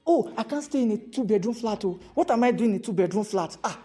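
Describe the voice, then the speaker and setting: A Nigerian man giving a motivational talk to a live audience, animated and fond of repeated rhetorical questions, slipping into pidgin. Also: high-pitched, fast talker, few pauses, faint music behind. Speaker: motivational speaker.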